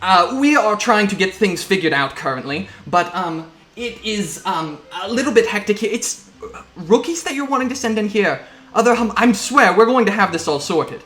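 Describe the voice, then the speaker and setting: A man's voice: high voice, animated, normal speed, a bit bright, roomy sound, voice pushed up. A man voicing a frazzled female military captain who stammers and hurries through her report. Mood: flustered. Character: flustered female military captain under fire.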